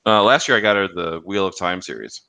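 A man's voice: low-pitched, fairly quick, pushed and bright, clean tone, dry recording. A man co-hosting a casual podcast, rambling through stories, laughing and swearing. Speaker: podcast co-host. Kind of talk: casual chat.

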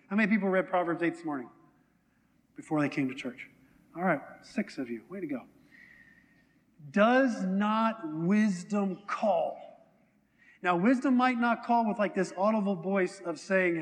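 A man's voice: high voice, long reverb tail. A man preaching a sermon to a congregation in a conversational way, often asking them questions. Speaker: pastor. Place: church hall.

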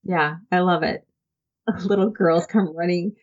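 A woman with a notably low voice speaks as an interview guest, earnest and heartfelt, often pausing on "um" and restarting her sentences. The recording sounds dull and lo-fi. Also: darkish tone. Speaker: interview guest, church volunteer program founder. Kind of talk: conversational interview storytelling.

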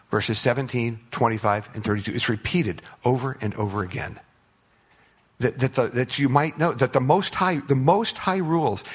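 A man preaching a sermon as pastor, emphatic and rising to loud declarations, asking the congregation rhetorical questions, often stumbling and restarting. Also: medium pitch, slightly rough. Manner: frequent stutters and restarts.

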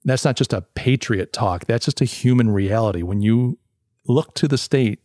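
With a mellow, mid-range voice at normal speed, a man hosts a solo podcast reviewing a paper in loose conversation. He restarts often and acts out quoted voices, and the clean studio recording has no echo.

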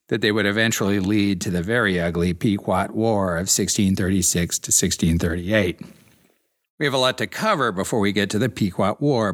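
A man's voice: on the low side, a bit bright. A man hosting a solo history podcast, reading from notes with dry asides to regular listeners. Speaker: podcast host.

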